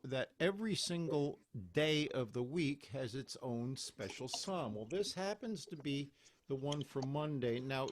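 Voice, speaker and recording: Jokey cantor on a video call. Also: male voice, mid-range voice, dry recording. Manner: jokey, rambling, self-mocking. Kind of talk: casual chat, then leading a service. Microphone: computer microphone on a video call.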